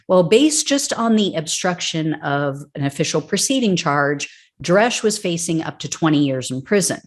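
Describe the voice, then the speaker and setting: Low-voiced woman delivering wry news commentary. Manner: wry, sarcastic asides between read-out quotes. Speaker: political news show host. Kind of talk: news commentary reading from court records.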